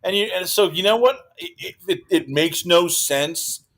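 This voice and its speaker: A man guesting on a sports podcast, talking in an animated, exclaiming way and breaking into mocking impressions. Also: high-pitched, moderate pace, vocal fry. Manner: animated, exclaiming, mimics others. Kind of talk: casual sports talk.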